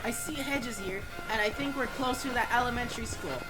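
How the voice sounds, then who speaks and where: A woman's voice: a little high, fairly quick, over music, low-quality recording. A woman streaming a horror game, reacting with jumpy swearing and chatting with her viewers. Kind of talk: live gameplay commentary.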